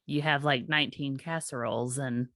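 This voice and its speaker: Deep-voiced woman. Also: fairly even intonation, normal speed, fairly bright tone, no echo, clean studio sound. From US South. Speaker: podcast host. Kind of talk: casual conversation.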